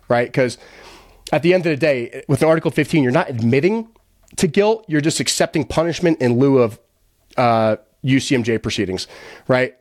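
An American man appears as a podcast guest in a casual storytelling interview, recounting events bluntly, with swearing, and quoting the people involved. His voice is medium-pitched with lively intonation and a slightly fast pace, recorded in studio quality with no room sound.

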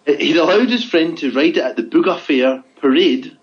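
A podcast co-host in casual chat reads odd news stories aloud, adding dry, teasing asides. His voice is on the high side at a normal speed, and the recording has a dull, lo-fi quality.

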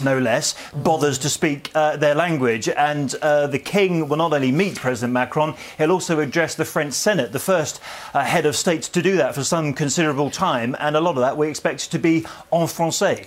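A man's voice: on the high side, a little fast. A man working as a royal news editor, reporting live on location in a chatty, conversational way with occasional hesitations. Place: on location abroad.

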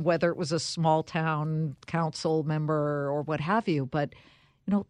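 Expressive woman interviewer, dry sound. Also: low-pitched, no room sound. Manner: expressive, asks long questions. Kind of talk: conversational interview.

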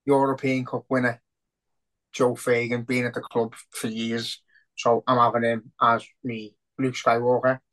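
A man, co-hosting a football podcast, talking in a sweary, excitable, rambling way. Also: mid-range voice, measured pace, rough recording. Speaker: podcast co-host. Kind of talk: casual football chat.

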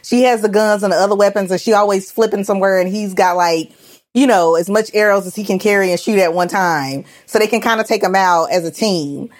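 A woman's voice: medium pitch, a little fast. A woman guest on a movie podcast, talking animatedly with lots of "like" and laughter. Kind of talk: casual podcast chat.

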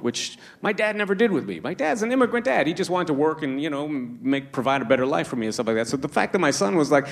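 A male stand-up comedian performing a set, animated and laughing at his own asides. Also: on the high side, quick pace, gravelly. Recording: noisy live club recording.

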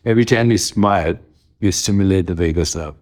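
A man in his seventies, a guest in an interview, calmly explaining his practices and listing ideas one by one in a measured way. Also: sits low. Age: 70s. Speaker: interview guest, wellness author. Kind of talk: calm interview answers.

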